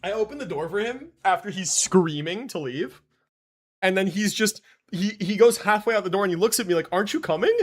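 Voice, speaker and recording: A man's voice: high voice, big pitch swings, normal speed. A man streaming a game live, chatting casually and animatedly and laughing often.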